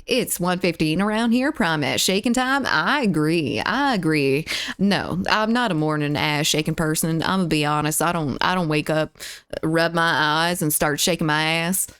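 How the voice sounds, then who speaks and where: A woman with a Southern US accent from the Deep South, chatting casually on a live stream, greeting viewers, reading chat aloud and giggling. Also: moderate pace, fairly bright tone, clean tone, no room sound, studio quality. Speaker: livestreamer.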